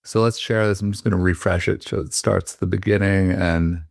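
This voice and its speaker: Male podcast host, very low voice, dry close sound, easygoing and rambling. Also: fairly even intonation, a little fast, gravelly, no room sound. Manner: loose, rambling storytelling. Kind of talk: casual interview.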